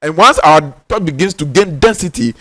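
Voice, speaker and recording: Man, Ghanaian accent, spiritual teaching, fairly high voice, emphatic, repeats key lines, dry close sound. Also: animated, sharp tone, no room sound. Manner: insistent, drawn-out stressed words.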